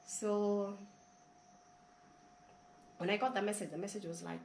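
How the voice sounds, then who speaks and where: A woman's voice: medium pitch, steady tone, unhurried, gravelly, a little mellow. A woman earnestly telling her own story in an interview, often repeating words. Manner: earnest, repeats herself, rising with emotion. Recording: roomy echo, faint background hiss.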